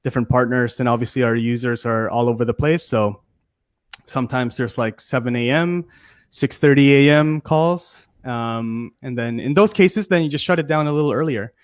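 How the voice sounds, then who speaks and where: A man's voice: medium pitch, moderate pace. Chatty Canadian man, guest. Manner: chatty, loose, with many fillers. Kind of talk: casual interview chat.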